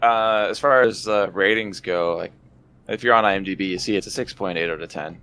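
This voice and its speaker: A man's voice: lowish voice, a little fast, bright, forceful tone, clean tone. A man in his thirties co-hosting a podcast, matter-of-fact as he runs through facts and figures. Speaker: podcast co-host. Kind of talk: casual movie review chat.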